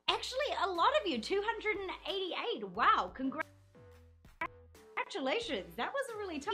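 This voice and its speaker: A woman's voice: on the high side, a bit bright. Upbeat woman hosting a live trivia show. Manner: upbeat, chatty, reads viewer comments aloud. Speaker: quiz show host. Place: office studio.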